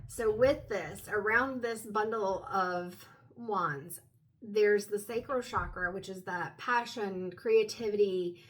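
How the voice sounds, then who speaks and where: Woman giving a gentle tarot reading. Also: mid-range voice, slow, low-quality recording. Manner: gentle, meandering, explanatory. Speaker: tarot reader. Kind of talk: recorded private tarot reading. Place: at home.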